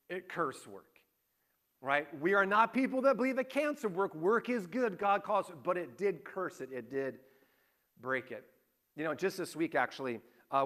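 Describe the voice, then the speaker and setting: A man's voice: fairly high pitch, a bit bright. A middle-aged man preaching a conversational sermon, asking rhetorical questions and telling anecdotes. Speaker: pastor.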